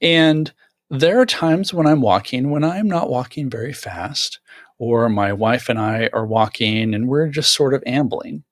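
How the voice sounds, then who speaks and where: A man's voice: mid-range voice, animated, measured pace, dry recording. Man, guest author; chatty, restarts a lot; dry, close recording. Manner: chatty, many fillers and restarts. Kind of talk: casual tech conversation.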